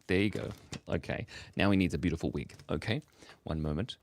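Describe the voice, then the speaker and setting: Low-voiced guy streaming his drawing, giggly and goofy, rambles a lot. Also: fast talker, dry recording. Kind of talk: casual live-stream drawing chat.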